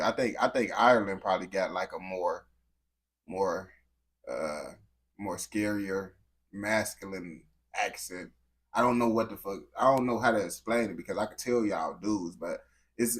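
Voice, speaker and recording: A man's voice: fairly low pitch, breathy edge. A young man from the United States giving slangy, incredulous reaction commentary on a video.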